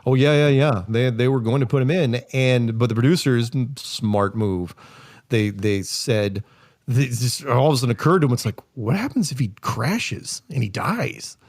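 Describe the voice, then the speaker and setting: A man, a podcast guest, telling casual, rambling stories with lots of fillers and self-corrections, delivered with wry, deadpan humor. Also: mid-range voice, normal speed, no room sound. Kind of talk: casual storytelling.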